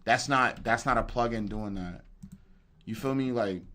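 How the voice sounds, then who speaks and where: A man's voice: mid-range voice, a little slow, bright, forceful tone. A man producer giving a casual livestream tutorial, answering chat in a laid-back, slangy way and talking straight to viewers. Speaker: beat producer. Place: home music studio.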